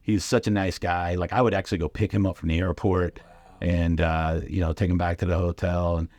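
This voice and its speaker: A middle-aged man spins loose, rambling stories, often jumping into lively voices for the people in them. His voice sits on the low side, and the dry, close recording leaves no room sound. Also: fairly quick, dry recording. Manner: animated anecdotes with lively impressions, frequent fillers. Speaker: guest comedian and radio host. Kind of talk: casual storytelling.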